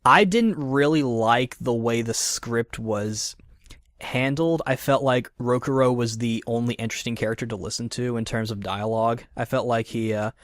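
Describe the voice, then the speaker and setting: A man's voice: mid-range voice, normal speed, a bit bright, dry recording. Man musing on a dry podcast mic. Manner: thoughtful, hedging, many fillers and restarts. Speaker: podcast host. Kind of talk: casual podcast discussion.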